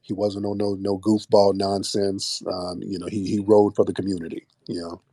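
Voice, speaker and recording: A man's voice: low-pitched, little pitch movement, normal speed, mellow, no room sound, clean studio sound. A man hosting a live call-in stream, blunt and skeptical, calling everyone brother.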